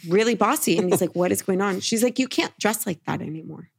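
A woman's voice: mid-range voice, fast talker, creaky, breathy edge. A woman co-hosting a podcast, telling a long story in casual chat and quoting everyone with "he's like" and "she's like". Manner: animated, quotes people with "he's like". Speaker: podcast co-host.

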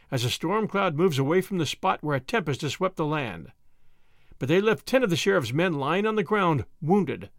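A man reading a classic adventure story aloud in an expressive storytelling manner. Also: on the high side, no echo, clean studio sound. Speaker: narrator. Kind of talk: audiobook narration.

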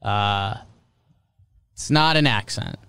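Smooth-voiced chatty young man. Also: lowish voice, pushed and bright. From American North. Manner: chatty, opinionated, quick asides. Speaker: podcast host. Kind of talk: casual sports talk.

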